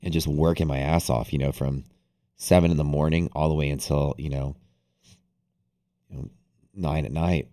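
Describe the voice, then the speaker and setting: A man's voice: a bass voice, fairly even intonation, moderate pace, pauses often, mellow. A man hosting a live trading stream, chatting casually in a rambling, profane way with lots of restarts. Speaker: day trading livestream host. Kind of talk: casual livestream chat.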